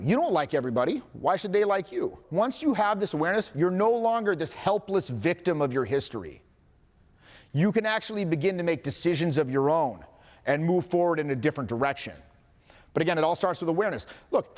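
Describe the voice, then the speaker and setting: A man's voice: on the high side, big-room sound. A man coaching a live audience on confidence, candid and profane, with joking asides and acted-out quotes.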